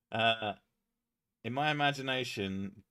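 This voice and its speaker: A man's voice: mid-range voice, bright, forceful tone, clean tone. A man hosting a casual live stream, joking, swearing and reading chat aloud. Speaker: streamer host.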